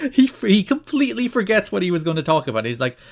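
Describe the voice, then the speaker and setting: A man co-hosting a podcast in casual chat, retelling events in an animated, exasperated way. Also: high voice, fast talker, creaky. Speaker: podcast co-host.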